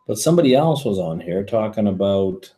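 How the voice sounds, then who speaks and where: A man's voice: on the low side, expressive, fairly quick, mellow. A man hosting a whisky livestream, rambling casually and answering viewer comments as he reads them. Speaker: whisky show host.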